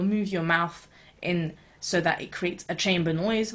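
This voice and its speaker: A woman teaches beatboxing in a casual online video tutorial, talking in an easygoing way with a few fillers. Her medium-pitched voice moves at a normal speed, staying steady and encouraging as she reassures learners.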